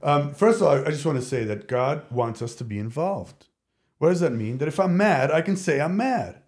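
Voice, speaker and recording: A man speaking as a podcast guest, telling candid personal stories in an animated, rambling way, often restarting his sentences. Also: a little high, moderate pace, husky. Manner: animated, rambling, self-interrupting. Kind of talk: candid conversational storytelling.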